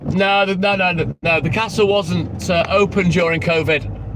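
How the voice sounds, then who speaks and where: A man's voice: high-pitched, steady tone, normal speed. A man hosting a casual live stream, chatting with viewers by name and telling corny jokes. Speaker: livestream host. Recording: loud outdoor traffic noise.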